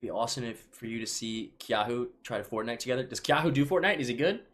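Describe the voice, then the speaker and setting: A man's voice: mid-range voice, fast talker, fairly bright tone. A man in his thirties from Chicago, casually reading viewer questions aloud on a live stream and answering them offhand, often restarting his sentences. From Chicago, United States. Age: 30s.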